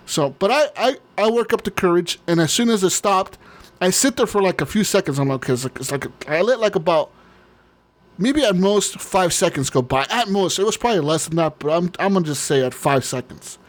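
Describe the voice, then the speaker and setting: A man's voice: high-pitched, expressive, a little fast. A man co-hosting a podcast, telling a long story in casual chat, rambling, swearing often and laughing. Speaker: podcast co-host.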